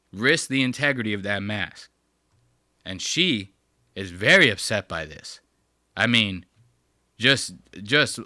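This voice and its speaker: A man hosting a casual live stream, mocking a clip with crude, animated commentary. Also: medium pitch, dry recording, studio quality. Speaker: host.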